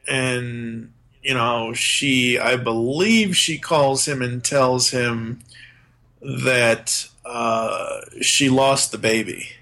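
A man's voice: medium pitch, extremely slow, pushed and bright. A man on a podcast, casually recapping a film's plot with lots of fillers and restarts. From Boston area. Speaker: podcast co-host. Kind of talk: casual movie discussion.

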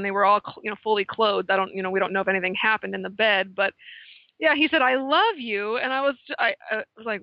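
A woman with a fairly high voice talks in casual podcast chat, candid and free with swear words. The sound is dry and close, with no room around her. The recording itself is dull and lo-fi. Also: dry recording. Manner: candid, swears freely, laughs while talking.

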